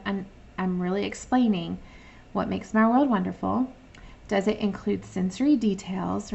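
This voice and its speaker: Woman, online teacher for young kids, slightly creaky, patient think-aloud delivery. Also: mid-range voice, muffled recording. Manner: patient, modeling her own thinking aloud; reads sample sentences slowly and clearly. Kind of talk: online lesson for young children.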